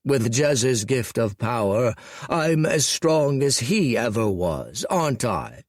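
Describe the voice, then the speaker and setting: A man's voice: medium pitch, very animated, slow pace, no echo, clean studio sound. A man voicing a pampered, cruel male God King who drawls languidly and complains with cold menace underneath. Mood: self-pitying. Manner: languid, self-pitying, coldly menacing.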